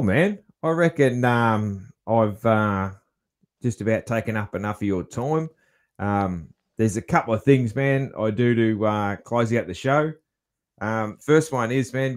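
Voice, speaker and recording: A man's voice: fairly low pitch, measured pace. A man with an Australian accent hosting a podcast, chatting in a laid-back way and calling his guest "man" a lot. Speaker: podcast host. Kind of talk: casual interview chat.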